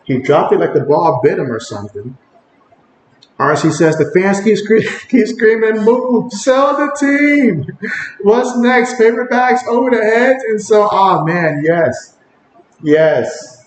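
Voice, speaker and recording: A man with a slightly high voice hosts a relaxed sports livestream from home, reading out chat comments and calling each play. He sounds echoey in a bare room, and a faint hum of ambient noise sits behind him. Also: a little slow. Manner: reads viewer comments aloud, rises with excitement on plays.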